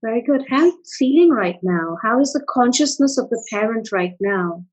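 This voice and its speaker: A fairly high-pitched woman coaches a guided tapping exercise over video call at a moderate pace. Her prompts come calmly, one step at a time, in a soothing manner full of praise. The audio is poor.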